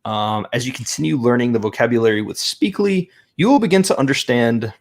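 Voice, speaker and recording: A man's voice: mid-range voice, lively intonation, fairly quick. A man hosting a casual live stream, chatting and thinking aloud as he tries an app and repeats practice phrases. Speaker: language-learning channel host.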